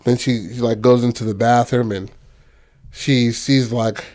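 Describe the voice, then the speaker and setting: A man casually pitching a film story, loose and profane, full of fillers, acting out characters in quick bursts. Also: fairly even intonation, a little mellow.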